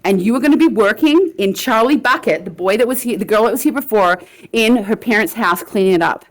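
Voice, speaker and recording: A woman's voice: mid-range voice, animated, fairly quick. A woman improvising a comedy sketch, bossily scolding and lecturing with frequent laughs. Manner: bossy, scolding, laughs a lot.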